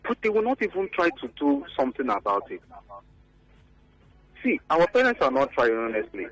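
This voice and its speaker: A Nigerian man calling in to a radio talk show, with a husky voice that swings widely in pitch. He speaks earnestly and repeats himself for emphasis, and faint music sits under the line. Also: big pitch swings, normal speed, poor audio. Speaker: phone-in caller.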